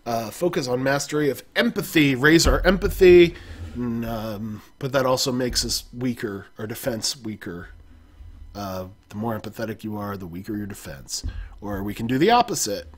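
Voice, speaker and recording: A man with a husky, breathy voice narrates an adventure gamebook aloud. His pitch sits in the middle range. He keeps undercutting the story with wry, self-mocking jokes. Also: lively intonation, normal speed. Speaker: game narrator. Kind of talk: reading an adventure gamebook aloud with joking asides.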